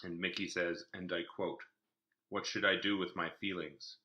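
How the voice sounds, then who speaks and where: Sharp-toned snarky man co-host. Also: sits low, little pitch movement, moderate pace. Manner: snarky, blunt and opinionated. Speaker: podcast co-host. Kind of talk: casual chat.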